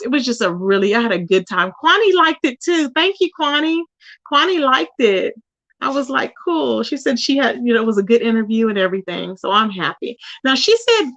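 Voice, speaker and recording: A woman's voice: on the high side, no room sound. A woman hosting a casual live stream, chatting animatedly with her viewers and reading their comments aloud. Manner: chatty and animated, talks to chat, says "child" and "y'all". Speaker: YouTube live host.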